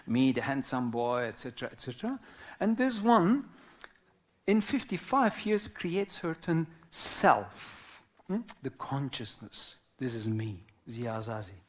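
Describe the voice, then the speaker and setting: A man's voice: mid-range voice, very animated. A man in his fifties from Turkey, a native Arabic speaker, giving a reflective live talk as a whirling dance teacher in simple non-native English, often checking in with listeners. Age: 50s. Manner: slow, philosophical, checks in with listeners.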